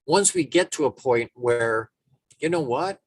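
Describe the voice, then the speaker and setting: A man giving a casual motivational talk, animated and storytelling, acting out little quoted voices. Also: medium pitch, measured pace, breathy edge. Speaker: motivational speaker.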